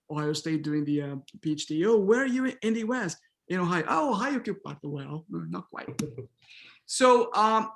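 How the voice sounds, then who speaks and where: Over a video call, a middle-aged workshop instructor teaches pronunciation, naming students, repeating their words and affirming them again and again. His voice is a little high with a fairly bright tone.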